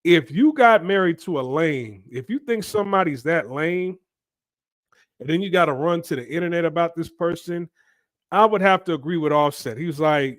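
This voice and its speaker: A man's voice: on the high side, normal speed, no echo. Preachy man with a dry voice. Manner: emphatic and preachy, keeps asking "right?". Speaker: commentary channel host. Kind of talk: opinion commentary monologue.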